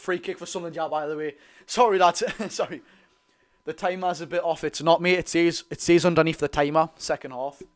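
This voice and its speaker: A young man with a Geordie accent giving live, excitable fan commentary on a football match, swinging between loud cheering and low muttering. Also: fairly quick. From North East England. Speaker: football watch-along host.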